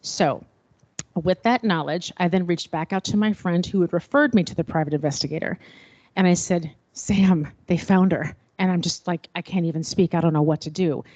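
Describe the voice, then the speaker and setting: A middle-aged woman telling a personal story at a panel, expressive and acting out remembered dialogue. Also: fairly low pitch, normal speed, no room sound, lo-fi sound. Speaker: panel speaker.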